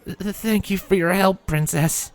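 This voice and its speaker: A man's voice: sits high, extremely slow, pitched above the performer's own voice, exaggerated voice. A man doing a stammering bookish young unicorn. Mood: flustered. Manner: stammering, timid. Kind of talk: fanfiction reading.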